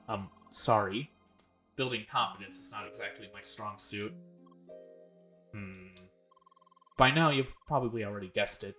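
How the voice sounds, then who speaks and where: A man hosting a let's play, reading game dialogue aloud in a plain voice and stopping now and then to comment. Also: fairly low pitch.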